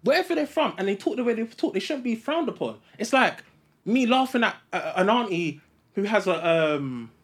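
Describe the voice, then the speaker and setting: A man's voice: sits high, lively intonation, moderate pace, a bit bright. A man, co-hosting a podcast and arguing his point in a heated casual debate, insistent and talking over the others. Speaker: podcast co-host.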